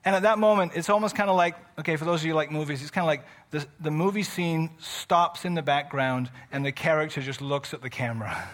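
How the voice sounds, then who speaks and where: Male pastor, conversational sermon storyteller, bright sharp tone. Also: on the high side, quick pace. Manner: animated, conversational storytelling with playful asides.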